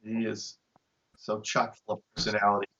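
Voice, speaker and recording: A man's voice: fairly low pitch, completely flat delivery, moderate pace, fairly bright tone, lo-fi sound. A man from Long Island, a magician, chatting enthusiastically as an interview guest. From Long Island, New York. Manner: enthusiastic, upbeat storyteller. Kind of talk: casual interview chat.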